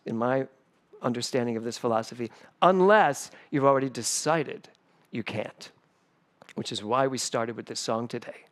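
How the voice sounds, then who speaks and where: Animated man preaching a sermon. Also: mid-range voice. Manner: animated storyteller. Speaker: spiritual director. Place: church service.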